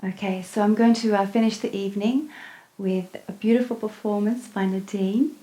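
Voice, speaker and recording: A woman's voice: medium pitch, fairly even intonation, fairly quick, warm tone. A woman hosting a meditation evening, telling a story to a live audience with um and uh fillers, in a room of listeners. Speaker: meditation event host.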